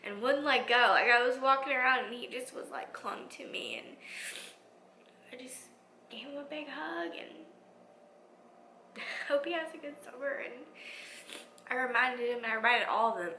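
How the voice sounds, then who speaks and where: A woman schoolteacher talking in a reflective vlog, soft and heartfelt, often dropping to a near whisper. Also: on the high side, normal speed, long pauses, slight background noise. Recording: echoey room.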